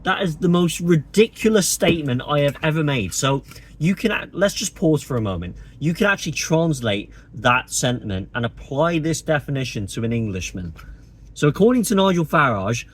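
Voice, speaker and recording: A man's voice: fairly high pitch, big pitch swings, normal speed, husky. A man delivering a sarcastic, indignant opinion monologue to camera as a political vlogger.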